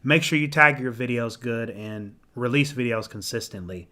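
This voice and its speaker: A young man casually answering viewer comments on a live stream, rambling with ums and restarts, clearing his throat and losing his voice. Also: medium pitch, moderate pace, sharp tone. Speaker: menswear YouTuber hosting a live Q&A.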